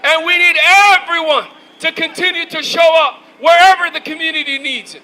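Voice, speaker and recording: High, bright-voiced man shouting a rally speech. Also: steady tone, moderate pace, poor audio. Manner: shouting, rousing, call-and-response. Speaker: rally speaker. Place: outdoor protest rally.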